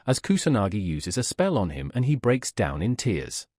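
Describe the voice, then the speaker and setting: A man narrating a comic story recap in a steady storytelling manner. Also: on the low side, moderate pace, slightly rough, no echo, studio quality.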